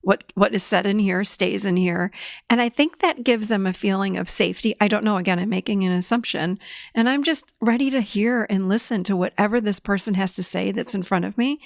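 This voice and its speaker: A woman hosting a podcast as a therapist, talking in an animated, emphatic way and laughing often. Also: mid-range voice, brisk, gravelly, dry recording, clean studio sound. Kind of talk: conversational podcast talk.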